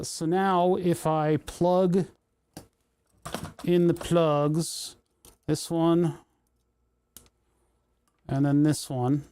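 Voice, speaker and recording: A man's voice: on the high side, darkish tone, smooth. Rambling man chatting while soldering. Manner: rambling, joking asides, thinking aloud. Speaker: livestream host building electronics. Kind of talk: casual livestream chat while soldering.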